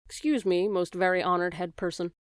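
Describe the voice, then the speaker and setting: A woman's voice: lowish voice, fairly even intonation, fairly quick, no echo, studio quality, natural voice. Small earnest young hero mouse, firm, read by a woman.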